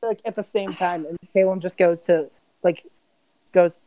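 A woman's voice: fairly low pitch, fairly even intonation, normal speed, warm tone, muffled recording. A woman running a tabletop game, narrating casually with lots of fillers. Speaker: game master.

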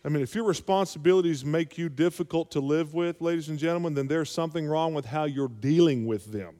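A man's voice: a little high, a little fast, dark tone. A male pastor preaching a sermon, calling for amens and rising to emphatic peaks. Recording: long hall reverb.

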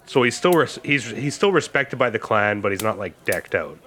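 A man's voice: fairly low pitch, expressive, moderate pace, a bit bright. A man narrating as game master in a casual, rambling way with many fillers.

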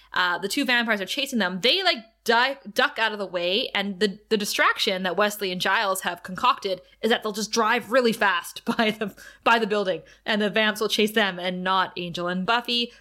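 Woman podcast co-host, bright voice, chatty episode recap, laughs a lot. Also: mid-range voice. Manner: animated, laughs often, acts out quotes. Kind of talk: casual recap chat.

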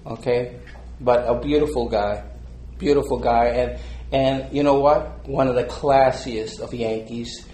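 A man's voice: medium pitch, fairly even intonation, unhurried, warm tone. An older man being interviewed, telling stories in a heartfelt, rambling way with many fillers and frequent laughter. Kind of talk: casual storytelling. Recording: roomy with faint background ambience.

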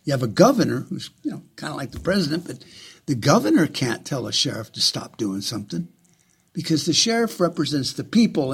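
A man delivering a heated, profane, sarcastic ranting monologue in a husky voice. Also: on the high side.

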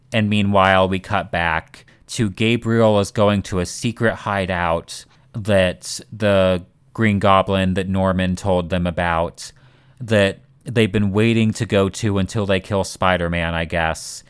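Slow-talking smooth-voiced man, blunt. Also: deep voice, dry recording. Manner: blunt, swears freely, rambling asides. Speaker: podcast co-host. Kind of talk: casual critical chat.

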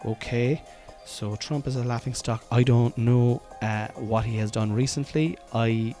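A man's voice: mid-range voice, fairly even intonation, measured pace, mellow, soft background music. A man in his thirties with a Cork Irish accent, hosting a podcast as a comedian in a loose, chatty, self-deprecating monologue full of fillers and restarts. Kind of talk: casual rambling podcast monologue.

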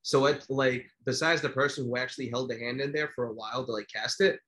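A man's voice: mid-range voice, quick pace. A man in his thirties co-hosting a casual podcast, telling stories with lots of fillers and restarts. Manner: animated storyteller, many fillers and restarts. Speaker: podcast co-host.

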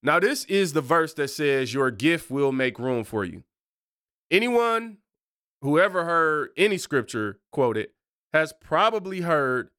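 A man preaching a sermon in a conversational, animated way, with rhetorical questions. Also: fairly high pitch, measured pace, smooth, dry recording, clean studio sound.

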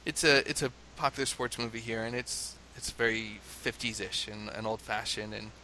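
A man from the United States, a father, telling a lively anecdote in casual conversation, laughing often and mimicking chanting crowds. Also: lowish voice, normal speed, a little hiss or hum.

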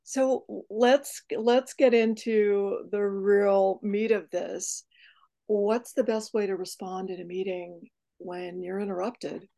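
A woman's voice: mid-range voice, steady tone, slow pace, gravelly, mellow. A woman hosting a podcast, asking conversational questions and affirming her guest. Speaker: podcast host. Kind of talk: podcast interview.

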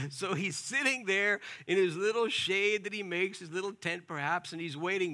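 A male preacher with a high, bright voice tells a scripture story like a storyteller, lively and conversational. He drops little asides and rhetorical questions as he goes, never stiff. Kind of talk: expository sermon.

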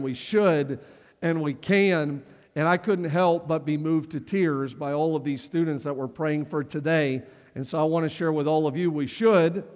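Pastor guy preaching, high voice, lots of repeating lines, big echoey church hall, kinda muffled. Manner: repetitive, rising call-and-response preaching. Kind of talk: sermon. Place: church sanctuary. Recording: dull sound with a long hall reverb.

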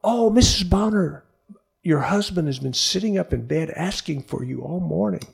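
Guy doing a gushing lady nurse, higher voice, bubbly. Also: animated, normal speed, gravelly, breathy edge, heavily acted. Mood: delighted. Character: cheerful woman hospital nurse, chatty.

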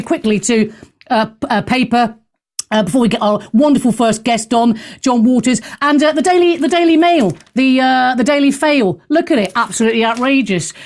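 A woman hosting a talk show, chatting casually in an animated, sarcastic and theatrical way. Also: a little high. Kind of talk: casual opinionated chat.

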